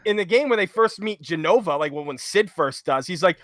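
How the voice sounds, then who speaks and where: A man co-hosting a charity livestream who tells stories loudly and with lots of animation. His voice sits a little high and sounds bright and forceful. It is close to the mic and dry. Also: fast talker, few pauses, dry recording. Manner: loud, animated storyteller. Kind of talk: casual chat.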